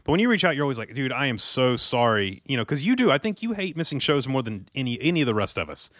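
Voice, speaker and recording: A man's voice: mid-range voice, very animated, rapid-fire, a bit bright, no echo, studio quality. Friendly rambling male podcast host. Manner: friendly, rambling, quotes himself. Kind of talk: casual podcast chat.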